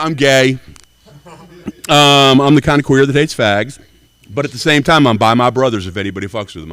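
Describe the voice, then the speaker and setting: Doing stand-up at an open mic, a Nashville, Tennessee man in his sixties is brash and profane. He speaks in a lowish, slightly bright voice, and the recording has no echo.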